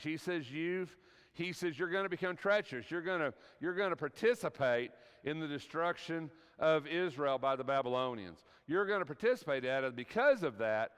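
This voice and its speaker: Speaking in a smooth, slightly high and bright voice, a man teaches an evening Bible class. The church hall gives a long reverb as he talks casually, often pausing on "right?" to check in with listeners.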